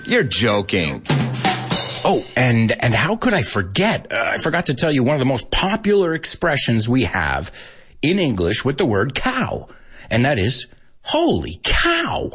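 American male host, husky, very expressive pitch, relaxed teaching chat. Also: normal speed, faint music behind. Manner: animated, chuckles often, switches between English and Spanish. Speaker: language teacher and podcast host. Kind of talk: casual podcast lesson.

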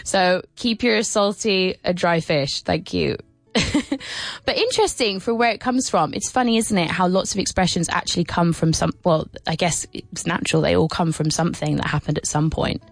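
A woman's voice: fairly low pitch, moderate pace, creaky, dry recording, soft background music. A woman hosting a casual radio lesson, chatting and explaining everyday phrases, sometimes spelling words out. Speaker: radio English teacher and show host. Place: radio studio.

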